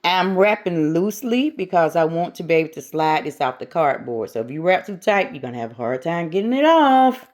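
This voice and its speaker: A woman's voice: lowish voice, big pitch swings, a little fast, few pauses, a little mellow. A middle-aged woman hosting a casual how-to craft tutorial, chatting and talking herself through each step as she works.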